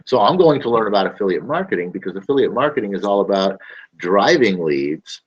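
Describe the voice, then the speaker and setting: A man with a low, husky voice talks straight to camera as the show's host, rambling and emphatic and circling back over his own words. The recording sounds dull and lo-fi. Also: sing-song, brisk. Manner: rambling, emphatic, repeats phrases. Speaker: show host. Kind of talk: casual talk to camera.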